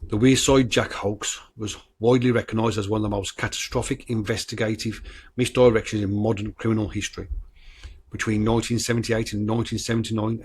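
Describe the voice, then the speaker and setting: Brief: a male podcast host with a lowish voice, casual and blunt, who trips over his words. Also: a little mellow, breathy edge. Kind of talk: casual true-crime podcast talk mixed with reading notes.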